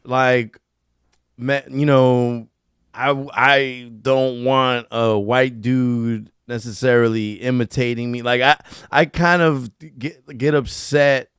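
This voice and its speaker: A man's voice: mid-range voice, steady tone, takes it slowly, a bit bright, clean tone, dry recording, studio quality. A man hosting a casual podcast, talking in a thoughtful, rambling way. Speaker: podcast host.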